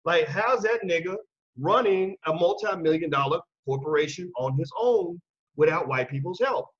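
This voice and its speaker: Male host, combative monologue, husky voice, dull lo-fi recording. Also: on the high side, moderate pace. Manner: animated and combative, acts out quoted voices. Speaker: channel host. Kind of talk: casual commentary monologue.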